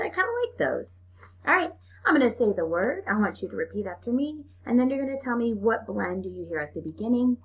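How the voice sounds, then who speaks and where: A woman teaching a phonics lesson to young children at a slow, deliberate pace, praising and drawing out sounds. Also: lowish voice, gravelly, fairly bright tone. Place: home.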